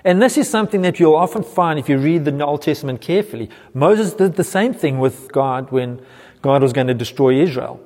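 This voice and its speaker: Middle-aged pastor preaching in a reverberant hall. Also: male voice, a little high, lively intonation, fairly quick, a little mellow. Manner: earnest expository preaching, quoting scripture. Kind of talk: sermon.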